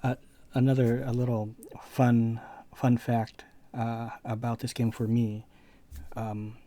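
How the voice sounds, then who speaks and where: A man's voice: medium pitch, monotone, slow, mellow. A man hosting a gaming video channel, telling a rambling personal anecdote in casual commentary. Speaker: let's play channel host.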